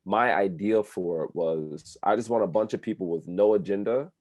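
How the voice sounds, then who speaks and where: A man from New Jersey talks with a low, mellow voice on a dry, close recording. He speaks earnestly as a radio guest and fills his sentences with "like." The interview has a casual feel. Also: moderate pace, dry recording. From New Jersey, USA. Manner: earnest, with lots of "like" fillers.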